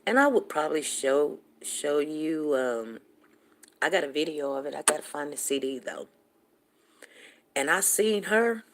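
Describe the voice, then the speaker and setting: A woman in her forties hosting a show, telling a long personal story to her viewers in a chatty, animated way with quick laughs. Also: sits low, a little hiss or hum. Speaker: show host.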